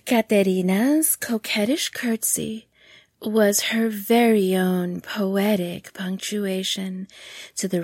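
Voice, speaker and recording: A woman narrates a story at a slow, lingering pace, her voice husky and breathy and often dropping into a whisper. The sound is dry and close, with no room around it. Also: lowish voice, no room sound. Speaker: author and narrator. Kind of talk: intimate audiobook narration.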